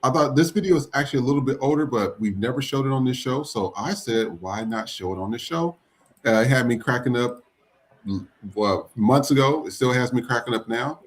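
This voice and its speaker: A man's voice: medium pitch, a little fast. A man hosting a podcast who talks casually and introduces clips in an easygoing way. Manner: animated, laughing easily. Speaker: podcast host. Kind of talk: casual chat.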